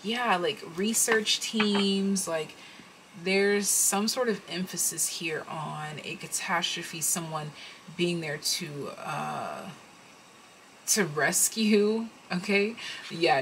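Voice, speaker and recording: A low-pitched woman talks through a tarot reading in a loose, rambling way, full of fillers and restarts. She addresses her viewers directly. A faint hiss sits under her voice. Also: takes it slowly, fairly bright tone, poor audio. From United States. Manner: rambling, thinks aloud with many fillers. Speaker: tarot reader.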